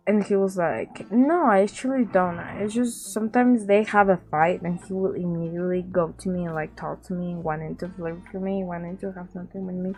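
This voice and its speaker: A young woman with a Latin American accent spins a casual, rambling storytime, looping back on her words and voicing the people in it. Her voice sits low and has a gravelly fry, and faint music plays underneath. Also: fairly even intonation, brisk, hardly any pauses, warm tone. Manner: rambling, repeats words, acts out quoted people. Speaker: vlogger.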